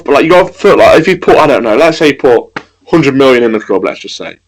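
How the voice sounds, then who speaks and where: A man's voice: a little high, rough recording. A man co-hosting a podcast, ranting about football in casual chat and swearing freely. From England. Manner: ranting, swears, quick and animated. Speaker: podcast co-host.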